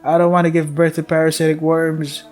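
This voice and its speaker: A man's voice: fairly high pitch, level tone, brisk, soft background music, close to an everyday voice. A man doing a terrified, pleading patient. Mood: panicked. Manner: pleading, panicky outbursts. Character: terrified young adult patient being devoured.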